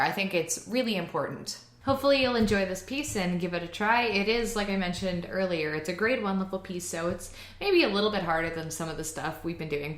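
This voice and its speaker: A woman's voice: mid-range voice, fairly bright tone. A woman teaching a piano lesson in a casual video, chatty and prone to rambling asides.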